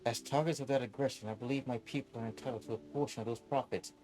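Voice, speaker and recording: Brief: proud, smug game general, calm and superior; a male streamer reads her. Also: mid-range voice, quick pace, lightly acted.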